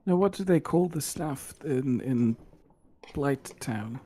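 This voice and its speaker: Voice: medium pitch, animated, slow pace, warm tone. Dry, sarcastic voice in banter. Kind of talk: casual banter on a livestream.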